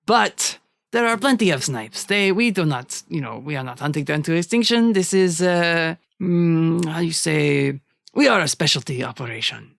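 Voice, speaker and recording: A game master voicing a falsely polite male hunter villain with a French accent, speaking slowly and smoothly. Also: medium pitch, animated, dry recording, studio quality. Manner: slow, falsely polite, drawn-out purring.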